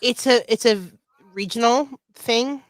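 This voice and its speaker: A man's voice: very high voice, measured pace, a bit bright, clear, resonant tone, no echo. A man co-hosting a pop culture podcast, chatty and explanatory. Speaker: podcast co-host. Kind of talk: casual pop culture chat.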